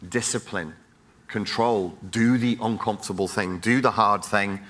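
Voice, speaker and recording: A man's voice: lowish voice, a little slow, fairly bright tone. A middle-aged man, a psychologist, giving a blunt, profane, exhorting motivational talk on a conference stage, wired and jet-lagged.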